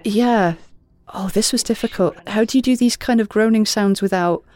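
A Welsh-accented woman and voice actor, chatting and reminiscing in an animated way. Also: medium pitch, normal speed. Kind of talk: casual reminiscing chat.

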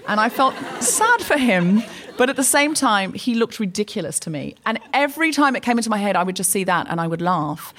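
A woman co-hosting a live comedy podcast, telling a self-mocking story in an animated way. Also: medium pitch, brisk, hardly any pauses. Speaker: co-host.

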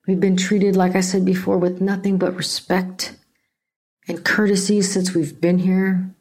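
A woman's voice: on the low side, flat delivery, a little slow, darkish tone. This is a middle-aged woman from California talking on her own podcast. She is blunt and sarcastic, swears freely, and rants in a loose, casual way about politics. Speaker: podcast host.

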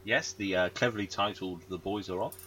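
A man's voice: low-pitched, a little fast, fairly bright tone, slight background noise. A man co-hosting a podcast with dry, teasing humor. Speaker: podcast co-host. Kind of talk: casual chat.

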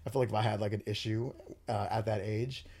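A man's voice: fairly low pitch, steady tone, fast talker, a little mellow, slightly rough. A young man hosting a podcast, talking earnestly with many fillers and restarts. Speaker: podcast host. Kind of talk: casual chat.

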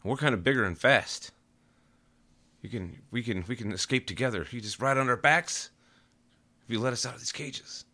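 A man's voice: mid-range voice, moderate pace, pauses often, bright, forceful tone. A man playing a tabletop role-playing game, talking casually and rambling with lots of fillers. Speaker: player. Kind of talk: tabletop role-play chat.

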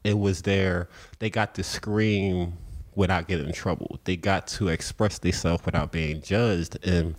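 A man from South Philadelphia, with a Philadelphia accent, tells stories as a guest in a podcast interview, talking a little slowly. He is an animated storyteller who acts out the voices of people he quotes, often in a high pitch.

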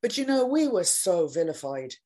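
An older woman chatting casually, reminiscing slowly and deliberately, sometimes searching for words. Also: lowish voice, big pitch swings, dark tone. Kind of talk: casual chat.

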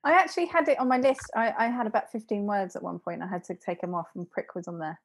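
A woman guesting on a podcast, telling stories in a chatty way and laughing as she talks. Her voice is in a middle pitch. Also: quick pace. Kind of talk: casual podcast storytelling.

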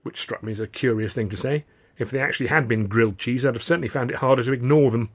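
A man reading his own comic novel aloud in the first person, with a wry, lively storytelling manner. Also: medium pitch, fast talker, slightly rough. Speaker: author and narrator.

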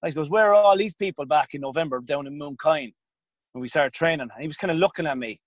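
A man's voice: a little high, fast, dry recording. Chatty Irish man, dry close sound. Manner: rambling, self-interrupting, colloquial. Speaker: podcast guest, former hurler. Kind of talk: casual storytelling.

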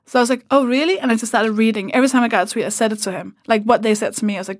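Podcast guest, female comedian; high-ish voice, dry recording, lively storyteller. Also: rapid-fire, hardly any pauses, dry recording. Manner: animated storytelling, acts out quoted people. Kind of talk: casual chat.

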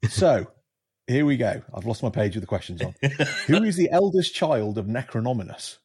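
A man's voice: medium pitch, expressive, normal speed, darkish tone, husky. A man hosting a podcast, running a quiz for his guests with teasing, joking banter. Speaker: podcast host.

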